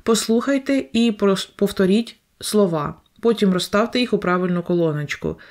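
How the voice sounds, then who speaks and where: A woman's voice: medium pitch, normal speed. English teacher, female, Ukrainian accent, talks through tasks and repeats each instruction in both languages. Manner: explains each step twice, in English then Ukrainian. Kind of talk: explaining a textbook lesson.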